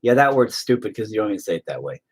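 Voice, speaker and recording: Husky-voiced man ranting with profanity. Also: on the low side, big pitch swings, very fast. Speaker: painting video host. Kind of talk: casual chat while painting.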